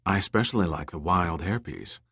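A man's voice: low voice, lively intonation, brisk, sharp tone, breathy edge, no room sound, heavily acted. A man voicing an adult woman TV journalist in an audiobook, speaking in a dry, slightly scornful way.

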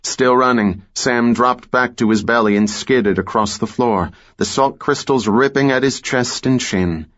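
A man narrating a thriller audiobook in a measured, steady way. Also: mid-range voice, muffled recording.

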